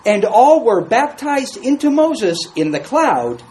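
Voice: mid-range voice, big pitch swings, slow pace, darkish tone, low-quality recording. Conversational Bible study teacher. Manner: conversational, asks the class questions. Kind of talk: Bible class teaching, reading scripture aloud and commenting. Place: group class room.

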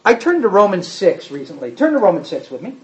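A man's voice: high voice, wildly swooping pitch, quick pace, darkish tone, echoey room. A man preaching a sermon emphatically, putting rhetorical questions to the congregation. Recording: dull lo-fi sermon recording.

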